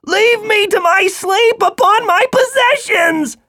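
A man voicing an ancient giant worm in a storybook reading, with a shrill, howling, pleading delivery. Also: slow pace, pushed and bright, dry recording, clean studio sound, full character voice. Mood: wailing.

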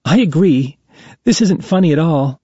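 A man's voice: on the high side, lively intonation, normal speed, warm tone, husky, no room sound, dull audio. A man voicing a young woman who is disappointed and mysterious, fading away. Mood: bitter tearful. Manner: probing, then bitter and tearful.

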